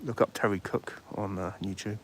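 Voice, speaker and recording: A man's voice: lowish voice, fairly even intonation, normal speed. A man hosting a casual livestream outdoors, rambling and chatting as he reads out viewer comments. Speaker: livestream host. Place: outdoors by a street. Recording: faint street noise behind.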